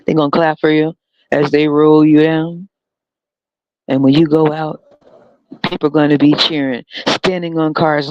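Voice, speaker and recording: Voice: mid-range voice, dry recording. A podcast host in a sarcastic, profane solo rant, breaking into laughter often. The mid-range voice sounds dry and close, captured on a dull, lo-fi mic.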